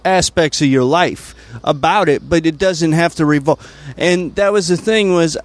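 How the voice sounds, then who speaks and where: A man, a comedian guest, talking casually and haltingly, full of fillers and restarts. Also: fairly high pitch, no echo. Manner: hesitant, many fillers and restarts. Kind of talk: casual conversation.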